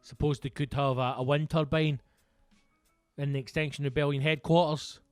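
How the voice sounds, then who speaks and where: A man's voice: on the high side, level tone, moderate pace, smooth, no echo, faint music behind. A Scottish man hosting a podcast alone, rambling through casual comedic chat with lots of swearing and jokes. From Scotland. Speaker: podcast host.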